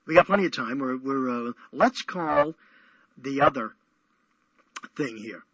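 Over dull, lo-fi radio audio, a man with a medium-pitched voice hosts a casual call-in show. He's animated and a little slow, his voice a bit bright and slightly rough, with no echo. He chats in a playful, rambling, teasing manner.

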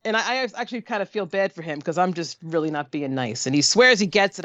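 A woman telling a comic story in casual chat, animated and swearing, acting out the voices of people she quotes. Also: lowish voice, fast talker, dry recording, lo-fi sound.

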